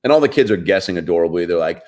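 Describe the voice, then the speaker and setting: A man from Seattle, a comedian guest on a radio show, telling a rambling story in a deadpan way. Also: low voice, very fast. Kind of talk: casual radio chat, storytelling.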